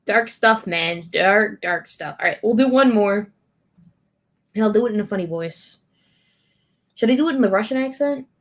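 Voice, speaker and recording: A woman streamer reading lyrics aloud in a deadpan way and chatting with her audience. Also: mid-range voice. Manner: slow, deadpan lyric reading with bursts of laughter.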